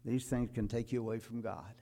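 A man's voice: mid-range voice, fairly even intonation, brisk, gravelly. Older male pastor, sermon delivery, plain mid voice, emphatic rising climaxes. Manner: rises to loud emphatic peaks, quotes scripture.

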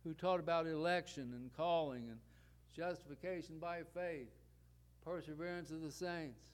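A man's voice: a little high, normal speed. A man preaching a sermon, building points with rhetorical questions and repeated parallel phrases.

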